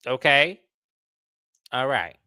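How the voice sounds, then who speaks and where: A man hosting a casual reality TV recap, blunt and animated, full of slang. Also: mid-range voice, slow, smooth, no echo. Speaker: reality TV review host.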